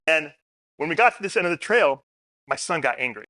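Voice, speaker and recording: A middle-aged man gives a public talk at a community forum in a meeting room, telling casual stories and asking the audience questions. His voice is a little high, expressive, pushed and bright, and he speaks briskly, with no echo and clean studio sound.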